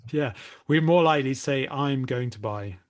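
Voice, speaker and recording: A man's voice: medium pitch, normal speed. A man co-hosting a casual English-learning podcast, conversational and hedging, often ending with tag questions. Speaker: podcast co-host, English teacher.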